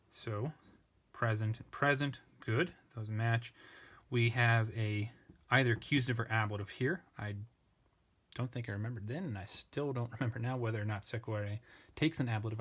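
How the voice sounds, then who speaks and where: A man tutoring a parsing lesson, working step by step, thinking aloud and correcting himself as he goes. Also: fairly low pitch. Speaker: language tutor.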